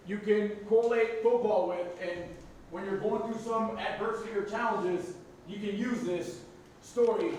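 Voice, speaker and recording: A man from Arizona, a Marine veteran, speaking to a team in a plain, measured way. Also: high-pitched, a little mellow. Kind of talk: speech to a team. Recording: echoey, distant mic, faint noise.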